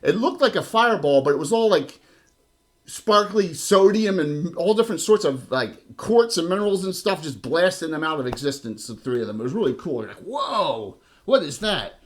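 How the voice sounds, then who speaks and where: A man's voice: a little high, animated, a little fast. A man with a South Jersey accent, narrating a tabletop game as game master in a loose, chatty way with many fillers.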